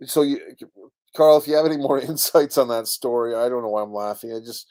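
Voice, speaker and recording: A man's voice: medium pitch, brisk, a little mellow. Rambling male live-stream host. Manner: rambling, talks to viewers and reads their comments aloud. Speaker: online show host reading chat comments. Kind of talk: casual live-stream rant.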